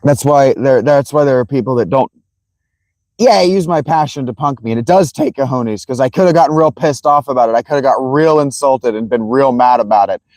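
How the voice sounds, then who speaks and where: Profane rambling man, mellow dry voice. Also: mid-range voice, fairly quick, no room sound, poor audio. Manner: rambling, profane, animated storytelling. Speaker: livestream host. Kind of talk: casual livestream chat.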